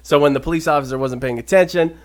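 A man co-hosting a casual talk show, telling an odd news story with animated delivery. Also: fairly high pitch, fast. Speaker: podcast co-host. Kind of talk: casual chat, reading news stories.

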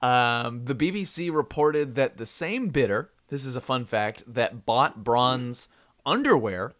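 Man, podcast co-host, casual comedic chat, halting restarts, middle pitch. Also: animated, a bit bright. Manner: reads news items with halting restarts and laughs.

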